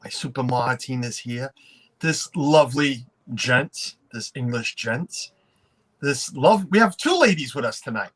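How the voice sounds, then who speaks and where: A man talks loosely to his livestream audience, greeting viewers by name. He rambles, restarts his sentences and laughs often. His voice sits in a middle pitch. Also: lively intonation, a bit bright. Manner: rambling, self-interrupting, quick to laugh. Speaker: livestream host. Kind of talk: casual livestream chat.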